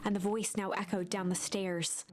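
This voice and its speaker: A woman narrating a storybook game in a hushed, suspenseful voice that often drops near a whisper. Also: medium pitch, little pitch movement, moderate pace, close to an everyday voice. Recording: game audio with clear music bed. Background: game music.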